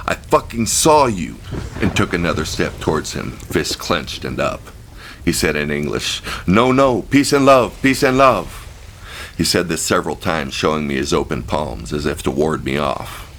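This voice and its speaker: A man's voice: rumbling low, vocal fry, a bit bright, slight background noise. A man narrating his own memoir as an audiobook, frank, vivid and profane. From United States. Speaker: author-narrator.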